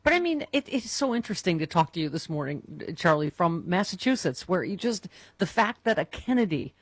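A woman's voice: lowish voice, very animated, husky, dry recording. A woman hosting a talk radio show, chatting casually and joking about politics with a guest. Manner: bubbly, joking, quick to laugh.

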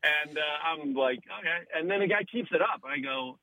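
Lively bright-voiced man telling a story. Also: on the high side, normal speed, low-quality recording. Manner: animated, laughs while telling stories. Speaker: podcast host guest. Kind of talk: casual storytelling.

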